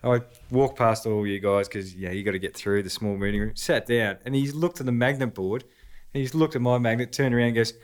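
A man with an Australian accent, a podcast guest telling lively anecdotes in casual conversation, laughing often. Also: mid-range voice, fairly quick. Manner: animated anecdotes punctuated by laughter. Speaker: podcast guest, former footballer.

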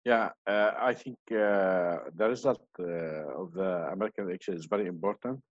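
A man's voice: sits low, normal speed, no echo. A man answering questions as an interview guest, hesitant, with many fillers and restarts. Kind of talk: online panel interview. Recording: dull lo-fi sound.

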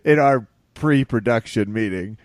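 A man co-hosts a podcast, telling a story animatedly and laughing between phrases. His voice is mid-pitched. It is recorded close, with a dry sound. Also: measured pace, dry recording. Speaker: podcast co-host. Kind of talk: casual chat.

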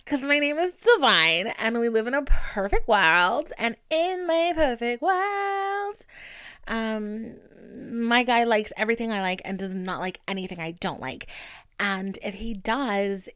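Young female podcast host, theatrical storyteller with a lively, swinging voice and frequent laughs. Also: a little high, measured pace, clear, resonant tone, no room sound, clean studio sound. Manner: dramatic, gossipy, laughs often. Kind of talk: casual storytelling chat.

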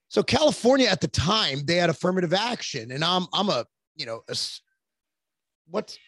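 A man's voice: sits high, sing-song, moderate pace, a bit bright, no room sound. A man in his forties, a podcast guest, telling long rambling stories in casual chat with plenty of cursing. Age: 40s. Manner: rambling, profane storytelling.

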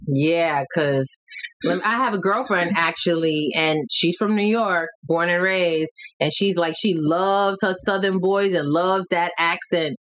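A woman co-hosting a casual podcast, telling a story with animated, teasing energy and some swearing. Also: on the low side, measured pace, poor audio. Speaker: podcast co-host. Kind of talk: casual chat.

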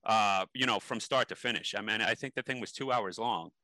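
A man's voice: lowish voice, brisk, bright, forceful tone, no echo, low-quality recording. A man being interviewed, telling stories animatedly with many ums and restarts. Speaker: interview guest. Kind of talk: casual interview storytelling.

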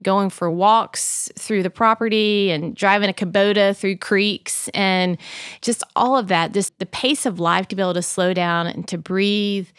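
A woman's voice: on the low side, no room sound, studio quality. A woman talking candidly as a podcast guest, earnest and chatty, with a lot of "like" in her speech. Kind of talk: reflective casual conversation.

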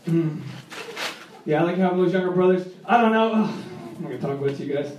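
A man in his late twenties from Rhode Island doing a stand-up set, telling wry stories and jumping up loud for punchlines. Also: sits high, muffled recording, slight background noise. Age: 20s. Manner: wry, quick storytelling punctuated by jumps into loud punchlines. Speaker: stand-up comedian. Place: comedy club stage. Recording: echoey club recorded from a distance, audience laughter.

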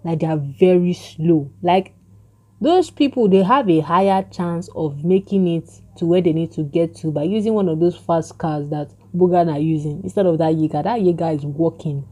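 Lady doing an excited show recap, lowish warm mellow voice. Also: normal speed, breathy edge. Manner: excitable, acts out characters' lines. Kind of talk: casual plot recap.

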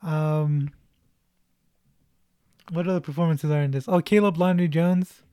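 Guy talking movies w a friend, kinda high voice but mellow, dry sound. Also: fairly even intonation, a little slow, smooth, no echo. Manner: laughs often, retells scenes. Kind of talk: casual movie discussion.

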